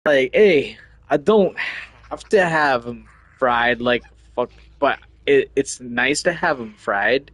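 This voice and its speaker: A man's voice: mid-range voice, expressive, slow, fairly bright tone, no room sound, low-quality recording. A man chatting casually while gaming with friends, swearing a lot, joking and laughing often. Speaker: gamer streaming with friends. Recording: dry close mic with faint game music.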